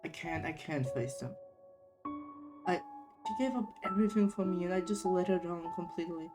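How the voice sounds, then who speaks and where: A woman's voice: lowish voice, natural voice. A woman doing a dejected young man. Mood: ashamed. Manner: quiet, subdued, halting. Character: downcast young man, guilt-ridden college dropout. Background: game music.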